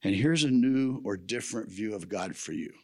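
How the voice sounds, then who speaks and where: A man's voice: lowish voice, lively intonation, normal speed, dark tone. A man preaching a sermon at a men's camp, telling stories in a folksy way with humorous asides. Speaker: camp speaker.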